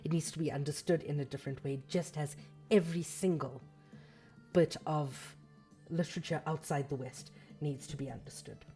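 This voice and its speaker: Low-voiced woman musing on a livestream. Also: steady tone, moderate pace, mellow, faint music behind. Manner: thoughtful, with fillers and self-corrections. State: scratchy throat. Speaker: livestream host reading a book aloud. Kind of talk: casual livestream book commentary.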